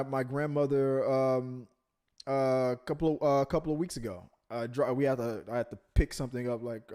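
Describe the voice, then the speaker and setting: A man's voice: mid-range voice, darkish tone. A man from Texas with a slight Texan accent, hosting a podcast in casual chat and rambling with many restarts. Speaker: podcast host.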